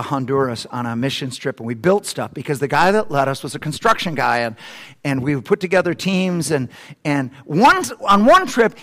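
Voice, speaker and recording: High-voiced man preaching with sweeping energy. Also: long reverb tail. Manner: animated preaching that swings from loud to hushed. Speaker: pastor. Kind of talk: sermon.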